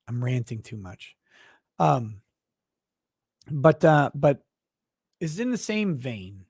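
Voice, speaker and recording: A man's voice: mid-range voice, a little mellow, breathy edge, dry recording, clean studio sound. Male stream host, rambling rant, profane and sarcastic, mid-range voice. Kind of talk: ranting live-stream commentary.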